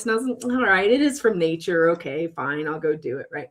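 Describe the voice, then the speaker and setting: A woman in her forties with a lowish voice speaks briskly, with hardly any pauses, as a podcast guest. In casual talk she tells a story animatedly, acting out the other people's voices as she goes.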